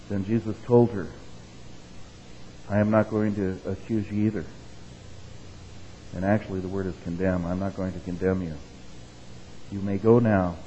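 A man's voice: deep voice, warm tone, slight background noise. A man preaching a sermon in a casual, conversational way, reading quotations with rising emphasis and checking in with the listeners. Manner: conversational preaching, tag questions like okay and right. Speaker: pastor. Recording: dull, reverberant hall sound.

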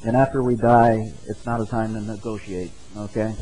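A man's voice: fairly low pitch, steady tone, brisk, hardly any pauses, warm tone, rough recording. A man preaching an earnest sermon, mixing scripture readings with a folksy story. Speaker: pastor.

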